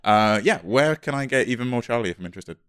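A man's voice: mid-range voice, animated, quick pace, a bit bright, smooth, no echo, studio quality. A man co-hosting a podcast, playful and teasing in a casual chat. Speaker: podcast co-host.

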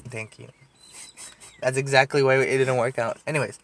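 A man's voice: mid-range voice, steady tone, moderate pace, fairly bright tone, a little hiss or hum. A young man telling a long story in casual, rambling chat, full of fillers, swearing and laughs. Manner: rambling, filler-heavy, profane, laughs often. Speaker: podcast storyteller.

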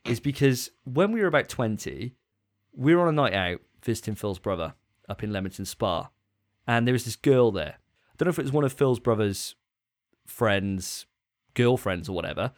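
A young man chats on a podcast in a relaxed, joking way. His pitch rises and falls freely. He pokes fun at himself as he tells his stories. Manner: self-mocking, jokey storytelling. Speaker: podcast co-host. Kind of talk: casual chat.

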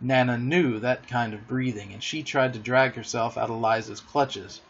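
A man narrating a storybook in an expressive, theatrical way in a dull lo-fi recording. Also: medium pitch, normal speed, breathy edge.

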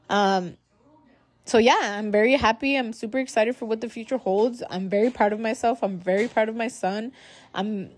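Woman, young adult, podcast host, casual and profane, slightly high voice, dry close recording. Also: a little mellow, no room sound. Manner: loose, profane and chatty, addressing listeners as guys. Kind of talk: casual solo podcast monologue.

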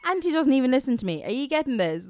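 An Irish woman co-hosting a podcast at home, teasing and arguing in fast casual chat. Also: sits high, big pitch swings, a little mellow. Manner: teasing, argumentative, quick storytelling. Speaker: podcast co-host.

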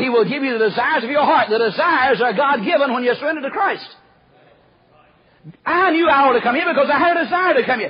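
A man preaching a folksy storytelling sermon, acting out the quoted voices and dropping to a hush at times. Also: very high-pitched, breathy edge. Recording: muffled lo-fi recording.

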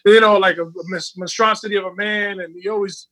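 A man's voice: high voice, fairly even intonation, fast talker, a bit bright, dry recording, poor audio. A man hosting a casual interview, asking curious follow-up questions.

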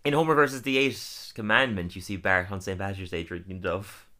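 A man hosts a casual podcast and recaps cartoon episodes with a grin in his voice. His tone is bright and forward. He laughs often and scatters fillers through his talk. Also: low-pitched, fairly quick. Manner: chatty, laughs often, many fillers, acts out quotes. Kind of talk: casual chat.

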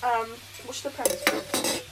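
A woman's voice: fairly high pitch, steady tone, slow pace. A young woman co-hosting a casual chat, teasing and chiming in while cooking in a kitchen. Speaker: podcast co-host. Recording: kitchen noise, frying sizzle.

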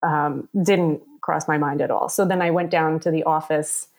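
Chatty woman in her thirties, lowish voice. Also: steady tone, moderate pace. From New York area. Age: 30s. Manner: chatty, many fillers, acts out quoted voices. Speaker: guest telling her story. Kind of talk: casual personal storytelling.

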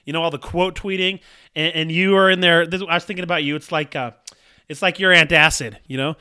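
A man co-hosting a sports podcast, chatting casually and telling stories excitably. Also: a little high, brisk, smooth, no room sound, studio quality. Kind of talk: casual chat.

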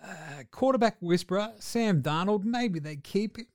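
A man co-hosting a casual sports podcast, swearing freely and acting out coaches in quick asides. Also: high voice, lively intonation, no echo, clean studio sound. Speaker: podcast co-host.

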